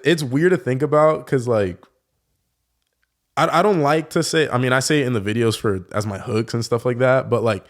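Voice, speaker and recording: A man's voice: medium pitch, moderate pace. A young man talking in a casual podcast conversation, telling stories loosely with lots of "like" fillers. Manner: relaxed storytelling, many fillers like "like". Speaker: guest, professional dunker.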